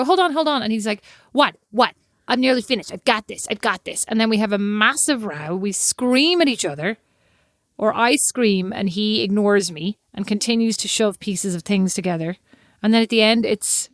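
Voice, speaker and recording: A woman's voice: medium pitch, normal speed, no room sound, clean studio sound. A woman in her thirties with an Irish accent, co-hosting a casual podcast chat, telling stories animatedly and laughing often. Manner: animated storyteller, laughs often, acts out dialogue. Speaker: podcast co-host. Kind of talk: casual chat between sisters.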